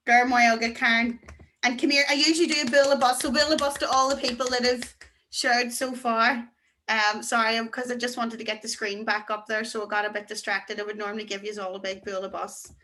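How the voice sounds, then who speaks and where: Bright, chatty woman. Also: fairly high pitch, flat delivery. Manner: chatty, encouraging, slow deliberate pronunciation. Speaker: Irish language teacher. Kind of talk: online beginner class. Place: home, video call. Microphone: video call.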